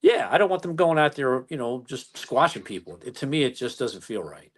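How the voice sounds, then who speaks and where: A middle-aged American man, a police chief, telling work stories in a folksy, animated way during an interview. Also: mid-range voice, a little fast. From United States. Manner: folksy, animated retelling with acted-out quotes. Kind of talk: conversational storytelling interview.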